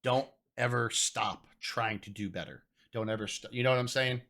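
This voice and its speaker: A man's voice: medium pitch, normal speed, bright, forceful tone. Earnest, heartfelt man on a podcast. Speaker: podcast guest. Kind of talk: casual podcast chat.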